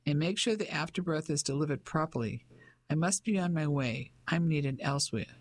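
A narrator voicing a stern male country doctor who speaks firmly and briskly in an audiobook. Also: mid-range voice, expressive, no echo, natural voice. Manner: firm, brisk and measured.

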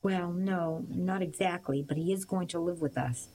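A calm, patient storybook father who explains things gently, read by a woman. His voice sits fairly low and steady, with a faint hiss underneath. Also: normal speed, close to an everyday voice, low-quality recording. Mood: reassuring.

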